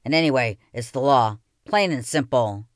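A woman's voice: a bass voice, lively intonation, moderate pace, no echo, studio quality. A woman voicing a stern, curt male tax official from the city in a read-aloud children's novel. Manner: curt, demanding.

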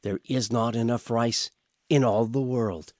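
A man playing a gentle wise man, quiet, humble, unhurried storybook sage. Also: medium pitch, steady tone, no echo, studio quality, close to an everyday voice.

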